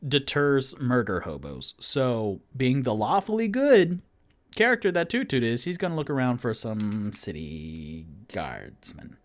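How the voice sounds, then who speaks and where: A man's voice: medium pitch, very animated, measured pace. A man narrating a solo tabletop game as game master, casual and rambling, with many fillers.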